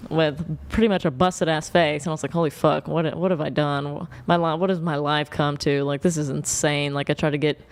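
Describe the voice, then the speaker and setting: A woman's voice: deep voice, a little fast, hardly any pauses. A young woman from Oklahoma, a guest on a dating talk show, telling a story bluntly with lots of swearing. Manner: blunt, profane, animated storytelling.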